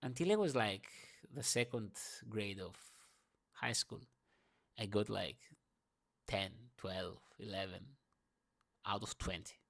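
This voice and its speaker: A young man ranting through a morning monologue in his second language. He swears freely and swings between loud outbursts and low murmurs. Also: slow, vocal fry, pauses often. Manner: speaks English as a second language. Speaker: vlogger.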